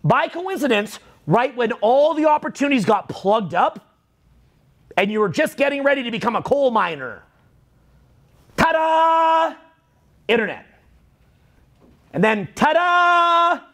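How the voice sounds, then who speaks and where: A middle-aged man with a high, restless voice rants like a coach, cursing freely and leaping into shouted lines. His pitch swings all over as he pushes each point. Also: normal speed. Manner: animated, swearing, bursts into shouted quotes. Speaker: dating and social skills coach. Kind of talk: profane motivational rant.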